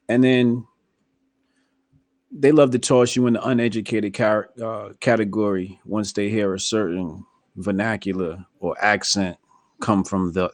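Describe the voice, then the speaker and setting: A man's voice: on the low side, dry recording. Podcast host guy, casual and slangy, talks like he's breaking it down for you, dry mic. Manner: relaxed, explanatory, slangy and emphatic. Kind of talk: casual political podcast chat.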